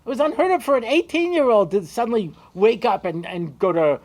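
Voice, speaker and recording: Animated rabbi telling a story. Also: male voice, fairly quick. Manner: conversational, many asides and "you know"s; animated, shifting pitch and loudness. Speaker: rabbi and lecturer. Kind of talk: storytelling Torah lecture.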